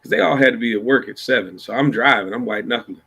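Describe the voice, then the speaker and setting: Bright-voiced man telling a long story. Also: medium pitch, fast talker, gravelly, husky. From Iowa, USA. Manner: laid-back, rambling storyteller. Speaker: blues musician guest. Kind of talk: casual storytelling chat.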